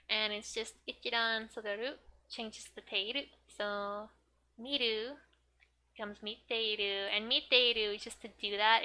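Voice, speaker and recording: A young woman teaching Japanese from a manga in a chatty, giggly way, full of "like", sometimes muttering softly as she looks up words. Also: fairly high pitch, smooth. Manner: chatty, giggly, filler-heavy with frequent "like". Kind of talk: casual manga study lesson.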